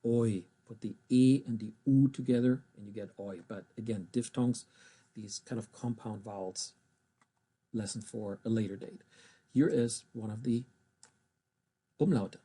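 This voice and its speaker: Guy teaching german, dark husky voice, spells out letters and says words super slow and careful. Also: fairly low pitch, fairly even intonation. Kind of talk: recorded language lesson.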